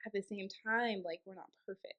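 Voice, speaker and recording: A woman's voice: mid-range voice, steady tone, a little fast, fairly bright tone. A young woman, a podcast guest, talking through her thoughts in a loose, rambling way with fillers and restarts. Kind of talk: casual faith chat.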